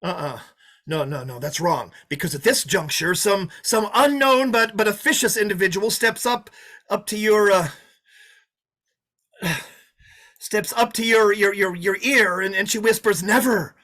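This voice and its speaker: An actor playing a menacing drifter who taunts his hostages, swinging from loud mockery to hushed threats, in a play reading. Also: sits high, a little slow, heavily acted. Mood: mocking. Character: menacing, sneering drifter holding a diner hostage. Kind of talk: play read over a video call.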